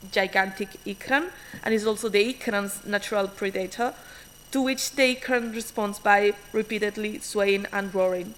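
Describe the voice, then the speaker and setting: Woman reading her conference talk fast, lots of uh and restarts, bright edgy voice. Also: medium pitch, a little hiss or hum, poor audio. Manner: hurried, frequent restarts and fillers. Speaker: academic conference speaker.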